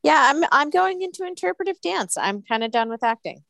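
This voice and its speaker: A woman trading playful, deadpan asides in improvised comedy banter. Her voice sits a little high and sounds close and dry. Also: fairly quick, creaky, no echo.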